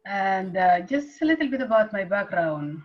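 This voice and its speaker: A woman with a Sudanese accent introduces herself earnestly over a video call, pausing often on uhs. Her pitch is middling, and the call audio sounds dull and lo-fi. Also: animated. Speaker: team member on a group call.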